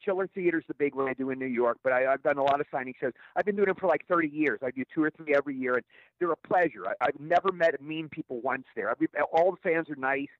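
A middle-aged man, an actor guest, telling stories in an interview in a rapid, stammering way with repeated words. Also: a little high, no echo. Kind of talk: storytelling interview answers. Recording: tinny phone line, dry.

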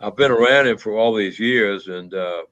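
Man, lower register, hesitant storyteller, muffled recording. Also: fairly bright tone. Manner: halting, many restarts and fillers. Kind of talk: reflective conversational storytelling. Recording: muffled low-fidelity audio.

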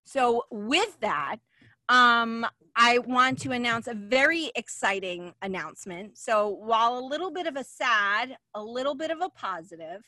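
Chatty emotional woman hosting a live stream, high voice, dry sound. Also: a little slow, pushed and bright, no echo. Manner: emotional, chatty, many fillers. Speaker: livestream host. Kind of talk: casual livestream chat.

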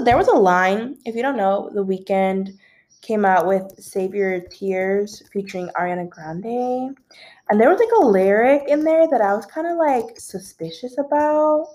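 Young woman rambling about celeb gossip, lots of likes and ums, mid pitch. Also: darkish tone. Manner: rambling, filler-heavy, yawns now and then. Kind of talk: casual chat.

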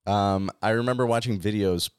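A man with a deep, low voice chats on a podcast, recorded dry and close. He gets worked up and swears freely while retelling scenes. His talk is loose and casual. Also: moderate pace, smooth, dry recording. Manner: excited, swears often, acts out scenes. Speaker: podcast co-host. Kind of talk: casual chat.

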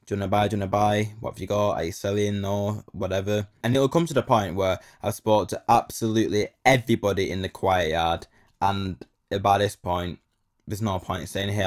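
A young man tells a casual story in a slightly low voice. He talks in slang and repeats phrases for effect.

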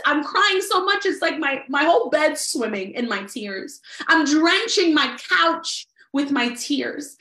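A woman with a high voice delivers a sermon, earnest in tone. She builds emphasis by repeating phrases one after another. The room around her is echoey. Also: fairly bright tone. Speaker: preacher. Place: livestreamed service.

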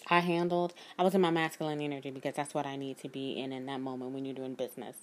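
A woman's voice: very deep voice, little pitch movement, quick pace, a little hiss or hum. Earnest woman. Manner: earnest, emphatic, speaks of God. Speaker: spiritual life coach. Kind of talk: personal storytelling to viewers.

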